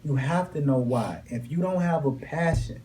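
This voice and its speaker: A man's voice: a little high, normal speed, mellow, slight background noise. A young man giving a motivational speech to a class in a classroom, emphatic and repeating his key lines with rising intensity. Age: young adult. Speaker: motivational speaker.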